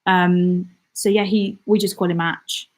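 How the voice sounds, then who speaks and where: A woman from the Midlands hosting a casual live-stream chat, rambling warmly through her week and answering viewer comments with lots of fillers. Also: lowish voice, little pitch movement. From England, the Midlands. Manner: chatty and rambling, lots of fillers, quick laughs. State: out of breath. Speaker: channel host.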